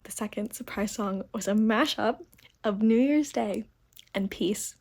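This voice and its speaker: A woman's voice: mid-range voice, unhurried, a little mellow. A woman vlogging as she crochets, chatting casually and explaining step by step how she works out her stitch counts.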